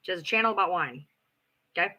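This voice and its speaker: A woman's voice: lowish voice, animated, fast, pushed and bright, rough recording. A woman hosting a livestream, telling a story in a blunt, sarcastic and profane way. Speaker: livestream host. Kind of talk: ranting livestream chat.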